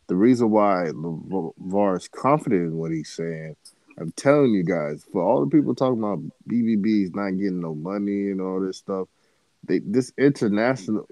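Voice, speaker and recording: A man with a low, deep voice co-hosts a casual sports talk show. He explains his views earnestly and backs them with examples. The sound is dry and close. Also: dark tone, no echo. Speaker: co-host.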